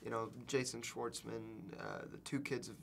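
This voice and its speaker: A man's voice: mid-range voice, little pitch movement, moderate pace, gravelly, slight background noise. A young male actor in an interview, speaking eagerly about his big break.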